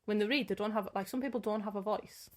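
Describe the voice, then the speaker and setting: A woman's voice: mid-range voice, steady tone, quick pace, a little mellow. Giggly woman podcaster. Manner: giggly, easygoing, lots of "like". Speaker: podcast co-host. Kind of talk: casual chat.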